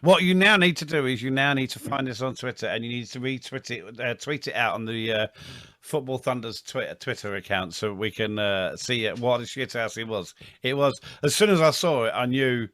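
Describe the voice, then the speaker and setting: A man's voice: medium pitch, a little fast, a bit bright, no room sound, clean studio sound. A man co-hosting a casual football podcast, chatty and enthusiastic. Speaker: podcast co-host.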